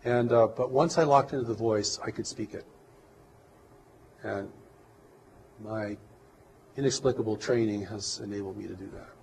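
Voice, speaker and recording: A man speaking as an interview guest, measured and reflective, often pausing and restarting his sentences. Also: on the low side, a little mellow, slight background noise. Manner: measured, hesitant, with many restarts and fillers. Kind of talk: earnest reflective interview talk.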